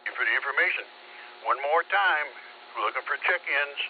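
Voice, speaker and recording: Man as net control, short procedural calls, mid-pitched, phone-thin radio audio, light hiss. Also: expressive, fairly quick, narrow, tinny audio. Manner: brief, routine procedural calls. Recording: thin two-way radio transmission with faint hiss.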